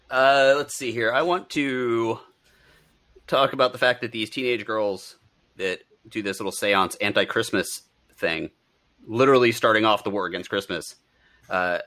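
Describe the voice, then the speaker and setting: A man's voice: on the low side, measured pace, long pauses, sharp tone. A man co-hosting a podcast, chatting casually and rambling about a bad movie, laughing often. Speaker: podcast co-host. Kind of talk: casual movie-review chat.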